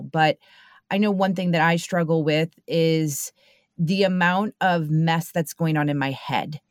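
A woman's voice: fairly low pitch, no room sound, studio quality. A woman hosting a podcast, talking in an earnest, rambling way with frequent restarts. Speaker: podcast host. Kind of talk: casual interview chat.

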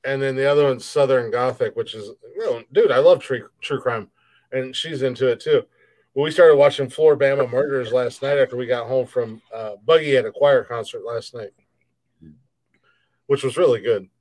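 Male co-host, middle-pitched voice, jokey and crude in casual chat. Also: moderate pace, a little mellow, rough recording. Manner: joking, laughs often, profane. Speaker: podcast co-host. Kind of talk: casual banter.

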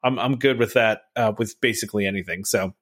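A man's voice: fairly low pitch, a little fast, fairly bright tone. A man co-hosting a podcast in casual chat, upbeat and laughing often. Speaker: podcast co-host.

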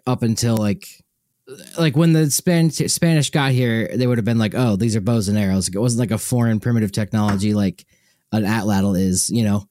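A man's voice: mid-range voice, warm tone, no echo, studio quality. A young man co-hosting a podcast, chatting casually and often losing his train of thought. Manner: meandering, loses the thread. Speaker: podcast co-host. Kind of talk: casual chat.

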